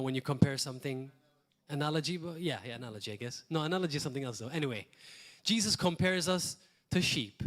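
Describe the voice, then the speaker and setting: A male pastor, preaching a sermon in a conversational way, with repeated phrases and short asides. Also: on the high side. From Malta.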